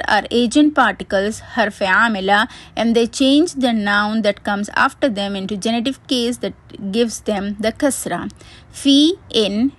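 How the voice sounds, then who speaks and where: A woman teacher reading a word-by-word grammar lesson, methodically spelling out root letters and terms. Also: on the high side.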